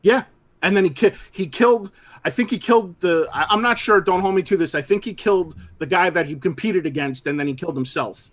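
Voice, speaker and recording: Man, slightly high voice, blunt, animated, swearing, casual live chat. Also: brisk. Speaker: podcast co-host.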